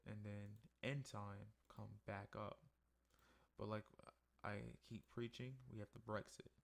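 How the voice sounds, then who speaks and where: A sleepy man with a gravelly, somewhat low voice walks through his trading charts in a loose, conversational way. He sounds worn out after a long day. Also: measured pace. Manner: tired, yawning, relaxed and conversational. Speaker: forex trading analyst. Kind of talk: casual screen-share market review.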